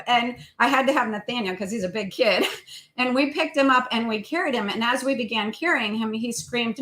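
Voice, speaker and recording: A woman's voice: fairly high pitch, brisk, bright, forceful tone, rough recording. Earnest storytelling mother. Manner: storytelling, earnest, frequent ums. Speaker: co-host, parent. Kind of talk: casual parenting talk.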